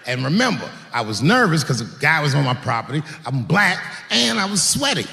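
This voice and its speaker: A man working a stand-up set, his pitch swinging wildly as he acts out stories with profane asides and shouted sound effects. His voice sits a bit high for a man and rings through a large hall with a long reverb tail and faint background noise. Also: fairly quick, vocal fry. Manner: profane, animated, full of acted-out sound effects. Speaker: stand-up comedian. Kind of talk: stand-up comedy storytelling.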